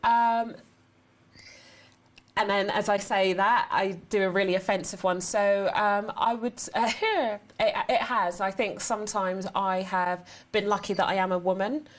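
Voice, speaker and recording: A woman on a video call, talking slowly and laughing often, with sudden tic outbursts. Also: mid-range voice, steady tone. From England. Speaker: interviewee with Tourette's. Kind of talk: casual chat on a video call.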